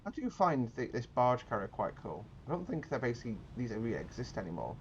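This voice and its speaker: A man's voice: medium pitch, sing-song, fairly quick, dull audio, background noise. A man giving casual gameplay commentary, explaining tactics in a rambling way with many fillers and restarts.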